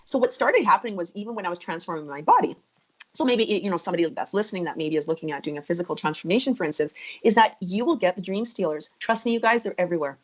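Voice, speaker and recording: A woman's voice: on the low side, animated, fast talker. A woman in her thirties, a podcast guest, telling her story with energy and emphasis. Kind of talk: podcast interview. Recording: muffled lo-fi audio.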